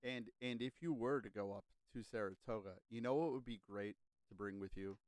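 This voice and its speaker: A man's voice: on the low side, a little fast, darkish tone, dry recording. A man co-hosting a casual sports chat, upbeat and easily laughing, reading sponsor spots.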